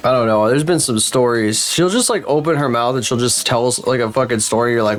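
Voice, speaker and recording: A man's voice: medium pitch, a little fast, faint music behind. A man with the flu, chatting casually on a livestream in a rambling, profane, incredulous way. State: sick with flu. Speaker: streamer.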